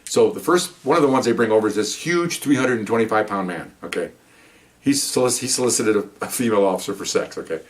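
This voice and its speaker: A man's voice: fairly low pitch, lively intonation, fast talker. An older man, a retired police officer, telling stories in a casual, rambling way with frequent restarts and asides. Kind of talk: casual anecdotal storytelling.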